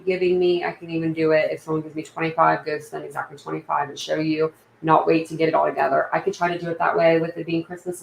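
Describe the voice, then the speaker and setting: A woman's voice: sits low, creaky, reverberant, a little hiss or hum, low-quality recording. A woman with a Southern accent hosting a casual livestream from home, rambling and chatty with lots of fillers. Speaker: livestream host. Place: room at home.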